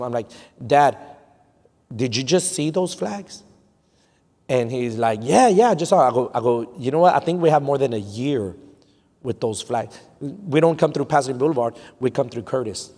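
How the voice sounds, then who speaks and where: A man in his thirties with a Texan accent, preaching a sermon as pastor, swinging from quiet storytelling to loud peaks and slipping Spanish phrases into English. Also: medium pitch. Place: large church sanctuary. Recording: long hall reverb.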